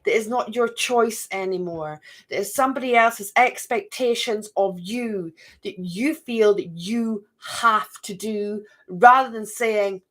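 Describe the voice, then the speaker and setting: A woman's voice: mid-range voice, unhurried, hardly any pauses, a bit bright. Chatty woman giving a card reading. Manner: chatty, repeats "okay?" and "right?" often. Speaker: spiritual card reader. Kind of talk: casual spiritual card reading.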